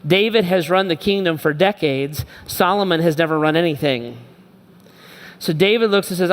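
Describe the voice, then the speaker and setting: A man's voice: on the high side, normal speed. A man preaching a sermon as pastor, conversational and emphatic, repeating his phrases for weight. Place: church auditorium. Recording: echoey church hall.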